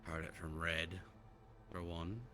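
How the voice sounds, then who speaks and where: A man roleplaying a gang leader on a live stream, questioning calmly and often murmuring agreement. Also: sits low. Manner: calm, probing, drawn-out murmured agreement. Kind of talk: in-character roleplay dialogue. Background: background music.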